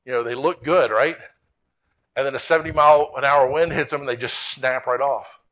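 Speaking a little fast in a steady, mid-range, slightly bright voice, a male pastor gives a sermon. His delivery is earnest and repetitive, mounting to emphatic peaks.

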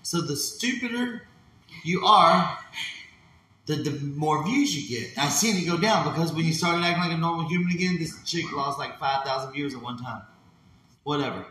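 A man's voice: on the high side, moderate pace, sharp tone. A man ranting in a heated, profane way, acting out voices as he tells it. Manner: heated, swearing, acts out voices. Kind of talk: profane casual rant. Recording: very echoey room with faint noise.

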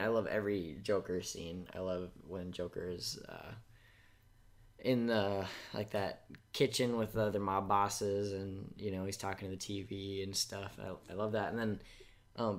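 A young man with a lowish voice talks about films on a casual podcast. He is eager and rambling, filling the gaps with lots of ums and likes. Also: steady tone, moderate pace. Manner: enthusiastic, many fillers, mumbles. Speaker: podcast co-host. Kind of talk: casual movie chat.

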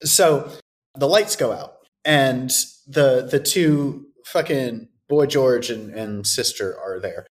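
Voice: medium pitch, slow, a little hiss or hum. A podcast co-host recapping a horror movie in casual, sarcastic chat and swearing freely.

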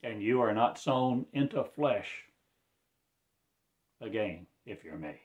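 Slow, incantatory man preaching. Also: on the low side, lively intonation. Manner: slow, incantatory delivery with sudden loud proclamations. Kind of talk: rambling prophetic monologue.

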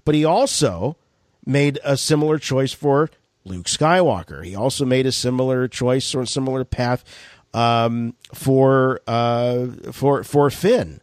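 A man hosting a call-in radio podcast, talking in a rambling, animated way. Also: mid-range voice, a little slow, dry recording, studio quality. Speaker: podcast host. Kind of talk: casual call-in show chat.

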